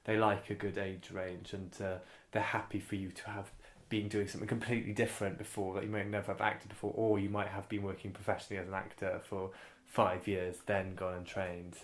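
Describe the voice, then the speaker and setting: A young man chatting in an interview about acting, animated and often laughing as he tells stories. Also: low voice, fairly quick. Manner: animated, laughs often, does impressions of others. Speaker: actor and interviewee. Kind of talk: casual interview chat.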